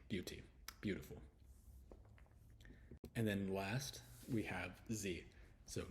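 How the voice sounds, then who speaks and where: Texan guy with a real low voice, going over letter sounds slow and chatty, bit of hum in the room. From Texas. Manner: repeats sounds slowly, relaxed and chatty. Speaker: English pronunciation teacher. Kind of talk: casual pronunciation lesson.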